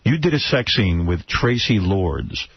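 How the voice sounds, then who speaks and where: A man hosting a radio show, asking a guest blunt, probing questions in a halting way. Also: low voice, big pitch swings, husky, no room sound. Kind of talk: casual radio interview. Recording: muffled radio broadcast.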